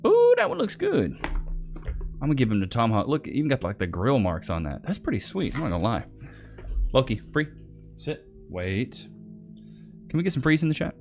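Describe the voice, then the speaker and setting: A man hosting a casual commentary video, chatting in a relaxed, slangy way and talking to his dog between clips. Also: mid-range voice, a little fast, pauses often, faint music behind. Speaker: host reacting to clips.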